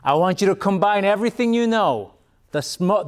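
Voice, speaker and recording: A man's voice: extremely high pitch, normal speed. A man leading a taekwondo workout, encouraging and calling out commands, out of breath. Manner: encouraging, calls out commands and kiai shouts. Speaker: taekwondo instructor. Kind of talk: guided workout instruction.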